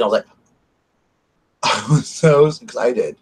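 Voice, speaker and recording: A Southern US man with a medium-pitched, animated, slow voice that has a breathy edge chats casually and gushingly to his live stream viewers, full of fillers. He's at home at night by candlelight, and the recording quality is low.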